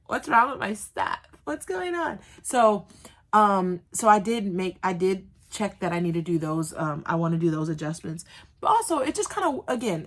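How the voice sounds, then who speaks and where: Woman, small business vlogger, slightly low voice, rambling and chatty with lots of fillers. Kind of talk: chatty vlog. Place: indoors, sitting on the floor.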